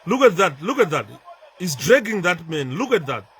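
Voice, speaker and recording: Male commentator reacting to video footage, emotional and emphatic, with a wide, animated pitch. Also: moderate pace. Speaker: political commentator. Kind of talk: commentary over video clips.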